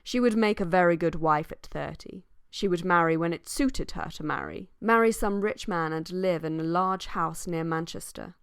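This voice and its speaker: A woman reading a novel aloud as an audiobook, with expressive rises in pitch for emphasis. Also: normal speed, few pauses, clear, resonant tone, dry recording, studio quality. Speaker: audiobook reader. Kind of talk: scripted audiobook narration.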